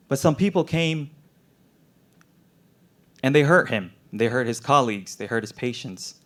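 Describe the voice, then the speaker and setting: A man's voice: medium pitch, normal speed, long pauses. Young man performing earnest spoken word. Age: young adult. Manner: earnest, emotionally intense storytelling. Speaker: medical student performer.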